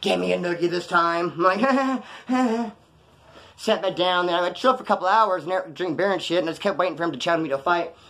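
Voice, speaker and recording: This storyteller speaks to camera in a high, gravelly, bright voice that's forceful and fairly even in intonation. He talks fast with hardly any pauses, swearing and using slang as he relives an old story and imitates its characters.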